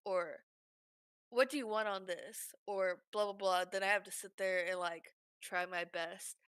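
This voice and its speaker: A woman streamer telling work stories in casual chat, animated and swearing freely. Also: medium pitch, a little slow, clean tone, no echo, studio quality.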